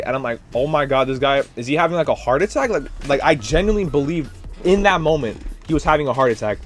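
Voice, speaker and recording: A young man, a student teacher, telling a rambling, animated story in a casual vlog, full of fillers and worn out from his day. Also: on the high side, fast, soft background music. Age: young adult. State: tired, drained.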